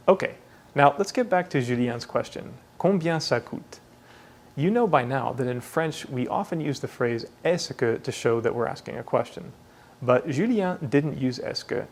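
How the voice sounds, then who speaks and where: A man at an ordinary mid pitch walks learners through a language lesson. He explains clearly and models each pronunciation carefully. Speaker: language teacher. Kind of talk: scripted lesson narration.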